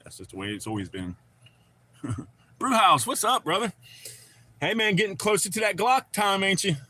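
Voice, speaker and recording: A bright, forceful-sounding man, rambling easily through a live chat. He talks in loose slang and greets people as he goes. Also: high voice, very animated, moderate pace, slightly rough. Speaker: livestream host. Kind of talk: casual live chat reading comments.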